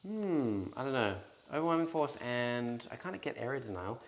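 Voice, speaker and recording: A man's voice: mid-range voice, big pitch swings, normal speed, slight background noise. An easygoing man with an Australian accent, chatting casually while playing a tabletop wargame and reading out viewer comments. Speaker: wargame player. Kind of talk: casual tabletop game banter.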